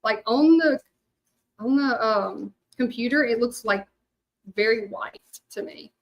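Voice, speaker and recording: Middle-aged Southern woman, Louisiana drawl, folksy crafting host with a slightly high voice, loose and rambling. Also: unhurried, dull audio. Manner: chatty, rambling, many fillers, talks to viewers. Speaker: hand-lettering artist. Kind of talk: casual craft livestream chat.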